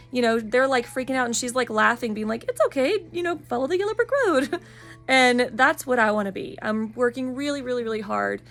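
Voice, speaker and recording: A woman in her thirties, a spiritual wellness practitioner, talking in a casual vlog monologue, earnest and encouraging and openly personal. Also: on the high side.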